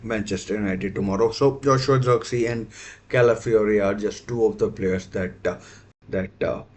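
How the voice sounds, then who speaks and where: A man's voice: lowish voice, steady tone, normal speed. A man hosting a live football watchalong stream, talking casually with many fillers and self-corrections.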